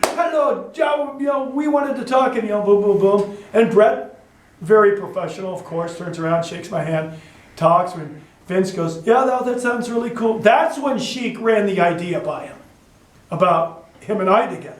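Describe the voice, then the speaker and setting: A man's voice: sits high, normal speed, recorded from a distance. A man, a professional wrestler, telling backstage stories in an interview and acting out what others said. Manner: animated storyteller who acts out others' lines. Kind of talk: storytelling interview. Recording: echoey room, voice from off-mic.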